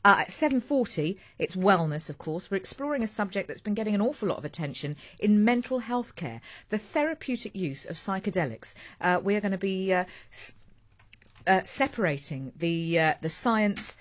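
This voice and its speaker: A woman hosting a live morning radio show, chatty and digressive with animated asides, in a studio. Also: mid-range voice, moderate pace. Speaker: radio host. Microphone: studio microphone.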